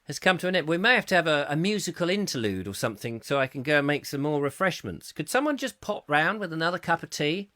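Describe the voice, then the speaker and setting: A man hosting a live chat show, reading out viewer comments with jokey, mock-indignant asides, his throat going a little hoarse. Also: a little high, very animated, quick pace, hardly any pauses, bright, forceful tone, dry recording, clean studio sound. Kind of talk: casual ranty live-stream chat.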